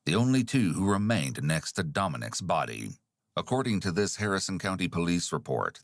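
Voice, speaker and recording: Low, dry-voiced man narrating. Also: no echo. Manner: steady, measured storytelling. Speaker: podcast host narrating true crime. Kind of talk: scripted narration.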